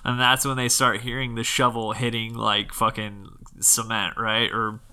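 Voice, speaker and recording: A man's voice: fairly low pitch, little pitch movement, moderate pace, sharp tone, clear, resonant tone. A man co-hosting a casual podcast chat, laid-back, swearing casually and laughing often. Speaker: podcast co-host.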